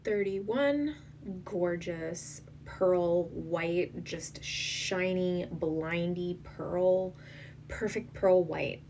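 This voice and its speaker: A beauty vlogger reviews an eyeshadow palette with gushing emotion, speaking slowly and breathily, dipping into whispers and tearing up. Her voice is on the low side, animated and a bit mellow, recorded from a distance with slight background noise.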